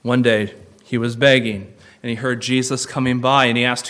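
A pastor preaching a sermon in an emphatic way, repeating key phrases and moving between hushed and loud. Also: male voice, medium pitch, level tone, a little fast.

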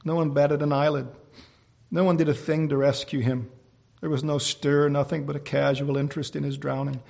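A man preaching a sermon, telling stories and breaking into loud, impassioned exclamations. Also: on the high side, level tone, moderate pace, creaky.

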